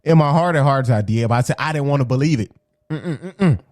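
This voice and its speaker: A man giving a casual, animated basketball opinion rant for his video channel. He repeats his points, drops slang and keeps asking "okay?". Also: mid-range voice, a little fast, no echo, studio quality. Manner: slangy and conversational. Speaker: sports commentary vlogger.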